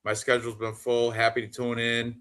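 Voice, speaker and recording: A man's voice: medium pitch, completely flat delivery, a little fast, a bit bright, clean tone. Rambling fifty-something man. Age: 50s. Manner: rambling, laughs often, swears casually. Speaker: podcast co-host. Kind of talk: casual chat.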